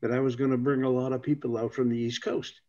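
A man's voice: mid-range voice, little pitch movement, fast, dark tone, muffled recording. A man with a Boston accent, a business leader on a panel, telling a story in a rambling way, often repeating his words as he goes.

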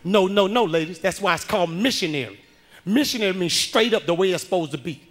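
A man performing a stand-up comedy routine on a club stage, telling a story loudly and acting out the people in it. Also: sits high, fast. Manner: loud animated storytelling, acting out the people he quotes.

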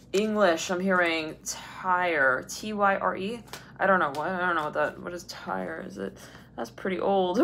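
A woman giving a casual tarot reading, rambling with many fillers and laughs, and acting out quoted voices with big jumps in pitch. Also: a bit bright. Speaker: tarot reader.

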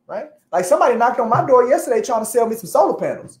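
A woman co-hosting a casual chat, talking in a playful, slangy, lively way. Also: a little high, very fast, roomy sound. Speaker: co-host.

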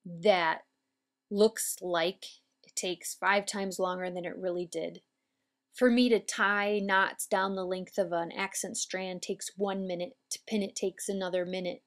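Woman instructor, mid-pitched, patient and methodical, walking viewers through a braid demo. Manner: calm, patient, step-by-step explaining. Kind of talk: instructional demonstration.

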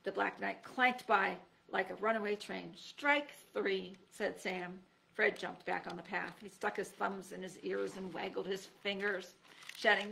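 A woman reads a children's chapter book aloud, her voice bright and edged with gravel. She gives each character a lively voice of its own and leaps up in pitch when the action peaks. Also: unhurried. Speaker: teacher reading aloud. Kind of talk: storybook read-aloud.

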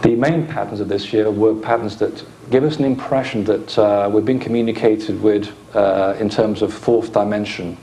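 A man's voice: on the low side, steady tone, moderate pace, few pauses, mellow, slight background noise. A man giving an informal conference lecture with slides, explaining with dry asides into a microphone in a lecture hall.

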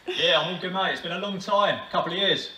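A man's voice: sits high, quick pace, over a noisy crowd. A young English man with a British accent, an actor being interviewed over a video call, joking in a dry, self-deprecating way. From England. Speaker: actor guest. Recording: roomy distant video call with faint noise.

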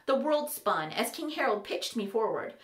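Animated woman narrating a fantasy story. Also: fairly high pitch, moderate pace, roomy sound. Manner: animated, wry.

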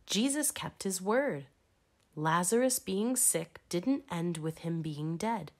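Slow, low-voiced woman reading a storybook. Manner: slow, expressive, emphatic. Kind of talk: children's storybook read-aloud.

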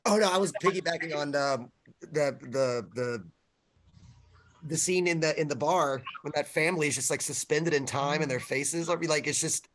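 A man's voice: a little high, moderate pace, fairly bright tone. A man, an actor guest, rambling and tripping over his words in casual chat.

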